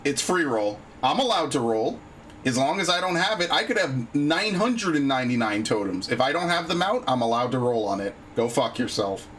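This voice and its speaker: A man's voice: medium pitch, big pitch swings, moderate pace, a bit bright, a little hiss or hum. A man live-streaming a game, talking casually, frustrated and swearing a lot. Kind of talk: casual live-stream chat while gaming.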